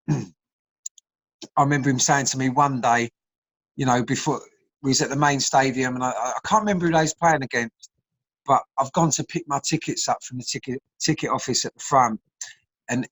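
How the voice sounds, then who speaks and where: A man's voice: medium pitch, fairly bright tone, rough recording. A man, a former footballer telling stories in casual chat, laughing often, over a video call. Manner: chatty storyteller, laughs often.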